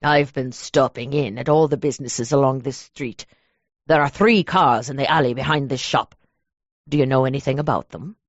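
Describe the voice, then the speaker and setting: A woman putting on a deep-voiced Irish mobster. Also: no echo, close to an everyday voice. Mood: probing. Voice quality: deep, low and measured. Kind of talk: audiobook character voice. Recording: dull lo-fi dry recording.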